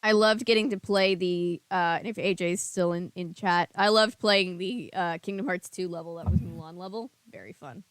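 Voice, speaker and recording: A woman's voice: fairly low pitch, moderate pace, few pauses, clean tone, dry recording. A woman hosting a casual book discussion podcast, chatty and giggly, often trailing off into fillers. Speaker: podcast host.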